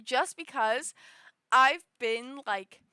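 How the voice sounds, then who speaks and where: A woman streamer chatting casually, rambling with many fillers and often shifting her pitch up and down. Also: drawn-out words, pushed and bright, clean tone, no room sound, clean studio sound. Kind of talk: casual chat.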